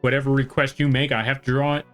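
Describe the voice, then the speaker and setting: A man's voice: medium pitch, flat delivery, fast talker, faint music behind. A man from the western United States with a slight Southern-tinged American accent, chatting casually on a live art stream and greeting viewers by name. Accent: American with a slight Southern twang. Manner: friendly, rambling, greets chat by name.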